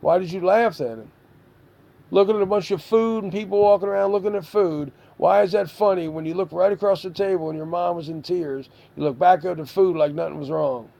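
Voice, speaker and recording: A man's voice: sits high, fairly even intonation, brisk, vocal fry, hardly any pauses, warm tone. A man giving a stern, exasperated lecture to a child, full of rhetorical questions. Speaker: stepfather figure scolding a child.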